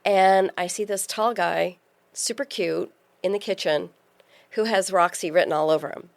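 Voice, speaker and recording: A woman in her forties, a podcast guest, telling a lively personal story in casual conversation. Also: on the low side, normal speed, vocal fry. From California. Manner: lively storyteller, acts out quoted voices.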